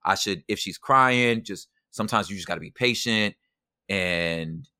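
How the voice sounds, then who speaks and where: A man talking as a guest in a casual interview, animated and slangy, often asking if he's understood. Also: fairly low pitch, unhurried, clear, resonant tone, no echo, studio quality. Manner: animated, slangy, keeps asking "you know what I'm saying". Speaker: poet and emcee.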